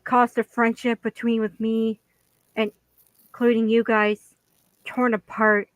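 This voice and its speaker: Slow, halting woman making an apology. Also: fairly high pitch, no room sound, low-quality recording. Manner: halting, slow and hesitant, with many restarts. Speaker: vlogger. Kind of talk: apology video.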